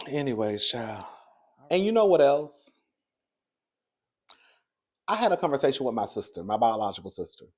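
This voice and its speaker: A man shares casual celebrity gossip, sassy and talkative, with "girl" aimed at his viewers. He's unhurried, leaves long pauses, and has a breathy edge, shifting from low murmurs to high, excited outbursts.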